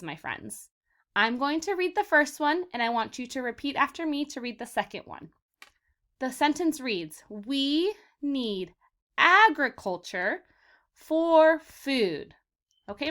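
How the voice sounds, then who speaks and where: A woman teacher leading a vocabulary lesson for young children, sounding out words slowly for them to repeat and calling them "my friends.". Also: on the high side, a bit bright. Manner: slow, exaggerated word modeling for repetition; encouraging, addresses children as "my friends".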